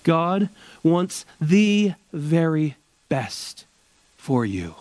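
Lively high-voiced preaching man. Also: no echo. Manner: expressive preaching with slowed, emphatic phrases. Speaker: pastor. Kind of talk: sermon. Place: church service.

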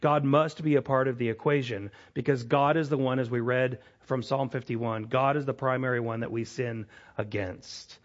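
A man preaching a sermon in an earnest way, pressing hard on his key points and dropping soft when he acts out an apology. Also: medium pitch, fairly even intonation, moderate pace, few pauses, muffled recording. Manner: earnest, rising to emphatic peaks, drops soft for quoted apologies. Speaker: pastor.

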